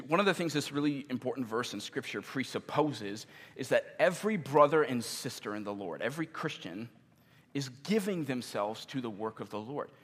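A man preaching a sermon as pastor, earnest and emphatic, slowing down for key questions and hitting some words hard. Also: mid-range voice, slightly rough. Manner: earnest, emphatic, with sudden loud stresses and slowed key questions. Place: church meeting in a gym. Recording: long reverb of a large gym.

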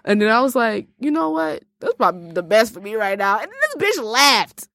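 A young woman, co-hosting a podcast and telling stories in an animated, laughing way. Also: medium pitch, a little fast, dry recording, clean studio sound. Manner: animated storytelling with frequent laughter. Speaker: podcast co-host. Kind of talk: casual podcast chat. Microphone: podcast microphone.

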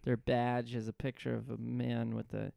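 A young man co-hosting a podcast, trading dry, deadpan quips in casual TV recap chat. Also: mid-range voice, normal speed, gravelly, no echo. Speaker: podcast co-host.

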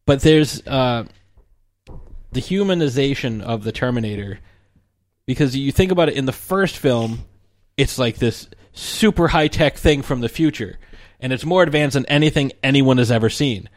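A man's voice: medium pitch, lively intonation, normal speed, no echo. A man chatting casually about movies, rambling with lots of fillers and restarts. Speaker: film commentator. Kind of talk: casual film discussion.

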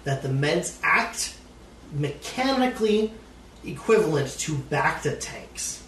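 Man, game master, halting narration, echoey room, faint noise. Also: fairly high pitch, very animated, a bit bright, distant mic. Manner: halting, full of uh and um.

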